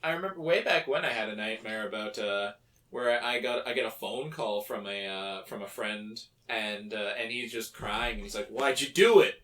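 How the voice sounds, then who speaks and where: A man co-hosting a casual podcast chat, animated and swearing freely as he tells stories. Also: on the low side, moderate pace, recorded from a distance. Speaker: podcast co-host. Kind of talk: casual chat among friends.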